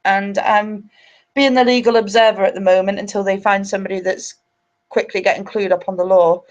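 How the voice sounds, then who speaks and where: A woman's voice: mid-range voice, steady tone, a little fast, lo-fi sound. A woman hosting a live stream, angry, sweary and ranting. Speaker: livestream host.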